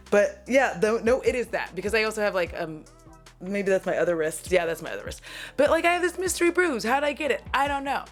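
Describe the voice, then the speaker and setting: Animated woman telling a casual story. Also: fairly high pitch. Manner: animated, profane, laughs often. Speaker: mail carrier.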